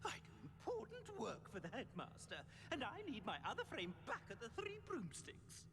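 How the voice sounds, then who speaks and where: A man's voice: extremely high pitch, huge pitch swings, moderate pace, fairly bright tone, exaggerated voice. An actor playing a fussy, aristocratic male portrait in a video game, speaking theatrically with rolled R's and a voice that swoops up and down. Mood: indignant.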